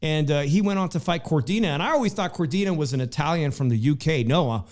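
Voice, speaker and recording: A man's voice: on the high side, lively intonation, fast talker, a little mellow. A man hosting a casual boxing talk show, chatty and full of fillers, often addressing his co-host by name.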